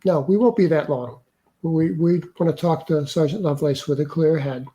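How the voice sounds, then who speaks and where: A man quoting a gruff, intimidating older military major with a thick Southern US accent. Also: fairly high pitch, moderate pace, mellow, lightly acted. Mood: curt. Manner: blunt, intimidating.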